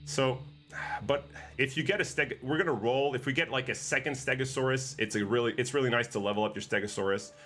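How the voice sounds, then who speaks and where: A man's voice: mid-range voice, a bit bright. A man commentating his own gameplay live as a streamer, playful and teasing with his chat. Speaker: game streamer.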